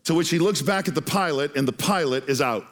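A man's voice: on the high side, fairly quick, fairly bright tone. A male preacher telling a story in a sermon, earnest and often repeating words as he starts a phrase.

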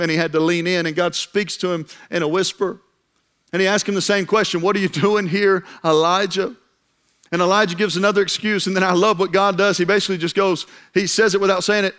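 A man's voice: high-pitched, a bit bright, smooth. A young man preaching a sermon, telling a personal story and building to impassioned appeals. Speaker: pastor.

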